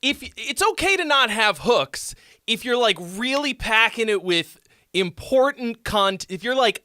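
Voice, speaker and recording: A man's voice: very high-pitched, expressive, measured pace, sharp tone, no room sound, clean studio sound. A man hosting a live song critique stream, talking bluntly with profanity and sarcasm.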